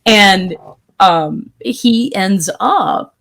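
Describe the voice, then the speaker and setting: A woman co-hosting a casual podcast chat, opinionated and emphatic, talking in quick bursts with restarts. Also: medium pitch, animated, vocal fry, a bit bright. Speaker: podcast co-host.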